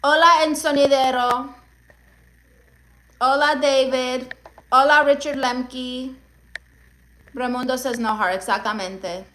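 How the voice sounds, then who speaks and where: A livestream comedian with Spanish-accented English reads out the chat, greeting viewers by name in a sassy, mock-demanding way. Her voice sits high with a sharp tone, and she takes it slowly, pausing often.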